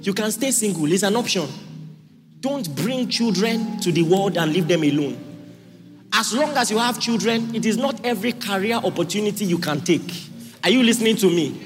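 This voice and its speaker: Male pastor, high voice, forceful repetitive preaching, church hall reverb with soft music. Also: animated, normal speed. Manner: forceful preaching, repeats lines, asks audience if listening. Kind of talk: sermon.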